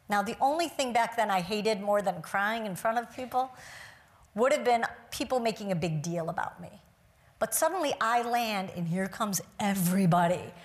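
A woman giving a talk to a live audience from a stage, telling a personal story in an earnest, reflective way. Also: fairly high pitch. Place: stage before a seated audience.

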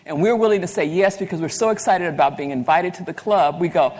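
A woman's voice: lowish voice, quick pace, darkish tone, a little hiss or hum. A woman giving a motivational keynote talk, emphatic and repeating lines for effect. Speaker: keynote speaker. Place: large hall. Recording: hall reverb.

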